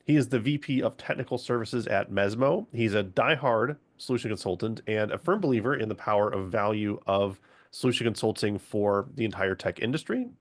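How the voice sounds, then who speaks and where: A man's voice: on the low side, brisk. Upbeat man moderating a webinar. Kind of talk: scripted introductions. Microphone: video call.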